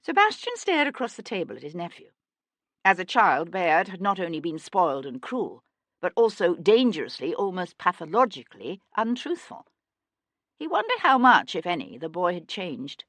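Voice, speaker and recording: A woman narrates a historical crime novel in a low, expressive voice. Her pitch moves a lot as she tells the story, and the recording is dry and close to the mic. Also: moderate pace, dry recording. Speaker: audiobook narrator. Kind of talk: scripted narration.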